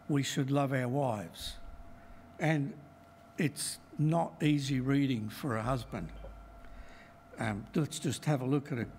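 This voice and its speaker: A middle-aged man giving a Bible talk to a congregation, measured and emphatic as he works through verses. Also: mid-range voice, a little mellow, slight background noise. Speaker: lay preacher.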